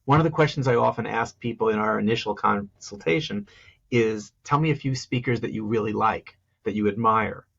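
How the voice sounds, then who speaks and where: Husky-voiced man coaching on public speaking. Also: brisk, lo-fi sound. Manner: animated, demonstrates stress and pitch on example phrases. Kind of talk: podcast interview.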